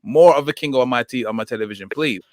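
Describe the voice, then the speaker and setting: A man's voice: medium pitch, quick pace, no echo, clean studio sound. A man hosting a casual podcast chat, talking hesitantly with many ums and restarts. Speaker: podcast host.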